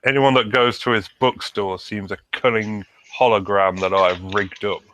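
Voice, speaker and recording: A man with a British accent, co-hosting a podcast with deadpan, sardonic jokes. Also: lowish voice, moderate pace, no room sound. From Britain. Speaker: podcast co-host. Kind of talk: casual banter.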